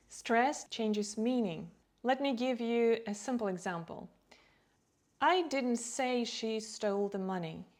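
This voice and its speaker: Slow, deliberate woman teaching English. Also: on the high side, a little mellow. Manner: deliberate, stresses key words for learners. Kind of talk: slow, clear teaching delivery.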